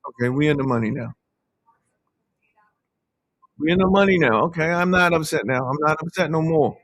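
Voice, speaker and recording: A man coaching day trading as he trades live, talking in a chatty, animated way and speaking to the market out loud. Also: a little high, moderate pace, no room sound.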